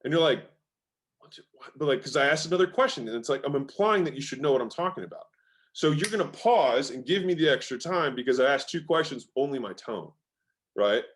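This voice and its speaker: A man's voice: medium pitch, expressive, fast. A man speaking as an interview guest in a casual, emphatic way, swearing now and then and using lots of "like" fillers. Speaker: guest, sales expert.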